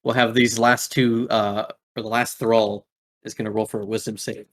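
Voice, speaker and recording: A man's voice: on the low side, flat delivery, moderate pace, fairly bright tone. A man narrating as game master in a laid-back way, with many filler words.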